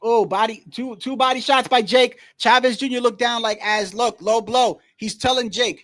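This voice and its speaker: Male streamer, high-pitched, slangy and blunt, casual live fight commentary, dry close mic. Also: steady tone, moderate pace, few pauses, a bit bright, no echo. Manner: slangy, says "bro" constantly, blunt and opinionated.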